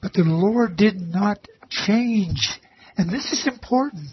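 A man's voice: high-pitched, slow pace, slight background noise. A man telling a personal faith testimony about reading the Bible to elderly residents, earnest and reverent, often repeating phrases for emphasis. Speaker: volunteer who read the Bible to elderly residents. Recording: slightly dull lo-fi recording with faint ambience.

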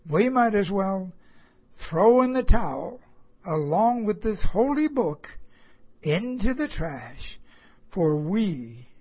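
Husky, slow-talking preacher man. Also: high-pitched. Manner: earnest and rhetorical, asks the listeners questions. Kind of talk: sermon. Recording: dull lo-fi recording.

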